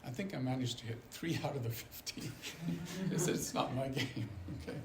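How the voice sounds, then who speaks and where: A man's voice: mid-range voice, animated, moderate pace. A man introducing a guest speaker in a chatty, rambling way, with laughter and asides. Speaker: event host introducing the speaker. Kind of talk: casual introduction. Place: lecture hall at a seminary. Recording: echoey room with faint background noise.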